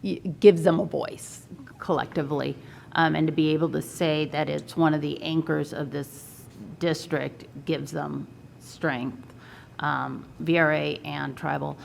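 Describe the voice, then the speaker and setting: A woman commissioner speaking in a public meeting over a video call, halting, with frequent ums and restarts. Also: low-pitched, fairly even intonation, gravelly, slight background noise. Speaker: redistricting commissioner.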